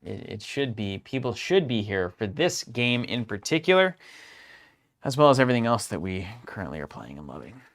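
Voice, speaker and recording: A young man with a fairly low voice, chatting casually on a game livestream. He jokes freely, riffs on side topics, and calls out viewers in the chat by name. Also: moderate pace. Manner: joking, animated, greets chat viewers. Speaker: stream co-host.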